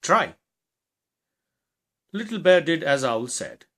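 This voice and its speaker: A man reading a children's storybook aloud in a slow, expressive way. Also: medium pitch.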